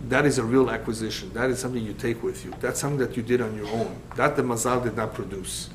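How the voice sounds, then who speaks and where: A middle-aged rabbi delivers a study lecture with emphatic, repetitive phrasing that drives each point home. His voice sits at an ordinary middle pitch, and he turns into a lively storyteller when a tale comes up. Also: fast, slight background noise, low-quality recording. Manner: emphatic, repeats key phrases.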